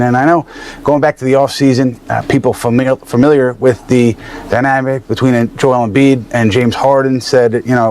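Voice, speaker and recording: A man reading out a sports news article in a measured, steady way. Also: mid-range voice.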